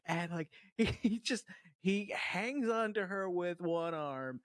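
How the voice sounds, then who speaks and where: A man's voice: sits high, lively intonation, slow, no echo. A man co-hosting a casual movie review podcast, talking in a rambling way with many fillers, restarts and swearing. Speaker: podcast co-host.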